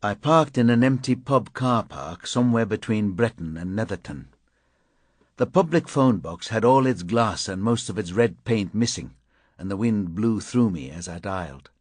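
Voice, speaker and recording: A man's voice: fairly low pitch, lively intonation, normal speed, dry recording. A man reading an audiobook in a terse, clipped first-person narration. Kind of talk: scripted narration.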